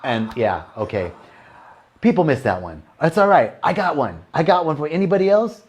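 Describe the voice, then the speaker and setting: A man's voice: fairly high pitch, big pitch swings, normal speed. Rambling man telling jokes on a livestream. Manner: rambling, restarts lines, laughs at his own jokes. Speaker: host telling jokes to a live online audience. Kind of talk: casual joke-telling on a livestream.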